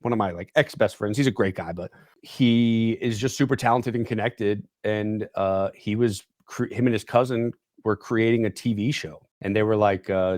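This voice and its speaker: A man's voice: fairly low pitch, moderate pace, a little mellow, no echo, clean studio sound. A young man guesting on a podcast, telling a rambling story and leaning on "like" and "dude". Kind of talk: casual storytelling chat. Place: podcast studio.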